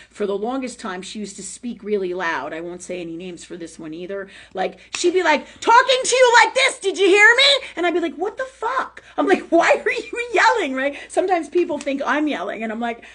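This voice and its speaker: A woman hosting a live online talk forum, chatting casually and animatedly about astrology, swearing often and tagging her points with "right?". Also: mid-range voice. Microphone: livestream setup.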